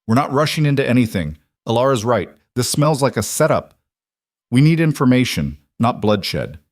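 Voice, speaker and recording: A man's voice: medium pitch, very animated, moderate pace, dry recording, clean studio sound, voice pushed up. A man reading a storybook aloud, voicing a stern, protective king who speaks in a hard, commanding way.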